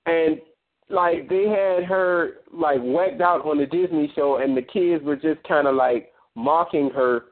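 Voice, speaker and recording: A man's voice: on the high side, measured pace. A man moderating a call-in line, talking casually with lots of uh and um and restarts. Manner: rambling, full of fillers and restarts. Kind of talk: casual phone-in discussion. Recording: tinny phone line.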